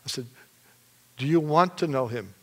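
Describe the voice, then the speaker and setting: A man from Michigan giving a testimony in a sermon, telling his story with animated energy and frequent laughs. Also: fairly high pitch, moderate pace. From Michigan, USA.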